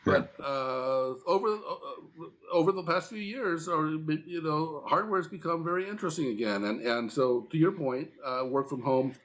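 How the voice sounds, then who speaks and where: A man's voice: fairly high pitch, normal speed, a bit bright. A man co-hosting a casual industry talk show, talking loosely with many fillers and restarts. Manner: conversational, frequent fillers and restarts. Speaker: podcast co-host.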